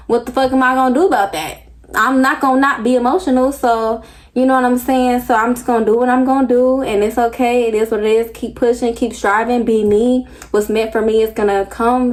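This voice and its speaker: A woman hosting a reaction video, chatting casually and frankly, full of "like" and the odd swear word. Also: fairly high pitch. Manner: loose, frank, sprinkled with "like" and swearing. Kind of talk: casual chat.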